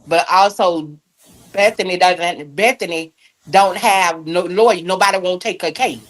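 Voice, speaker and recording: A woman co-hosting a casual reaction chat, animated and laughing along. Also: on the low side, a little slow. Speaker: co-host.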